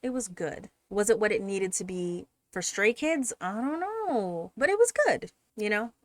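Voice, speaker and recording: A woman hosting a reaction channel, chatting casually and getting excited, sometimes shouting and laughing. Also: mid-range voice, measured pace, no room sound. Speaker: K-pop reaction channel host.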